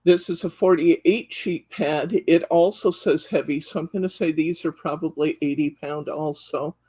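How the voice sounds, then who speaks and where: Husky-voiced woman gushing over craft products. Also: low-pitched, moderate pace, warm tone. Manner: counts sheets aloud while flipping. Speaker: craft store host. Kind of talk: live product show-and-tell.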